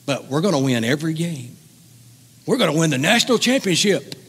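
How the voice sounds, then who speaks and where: Guy doing a hyped-up coach with a big country drawl, boasting to the team, kinda high voice, echoey hall. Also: very animated, fairly quick, fairly bright tone, husky, heavily acted. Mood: rousing. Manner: pep-talk delivery, boastful and rousing. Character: fired-up folksy male college football coach.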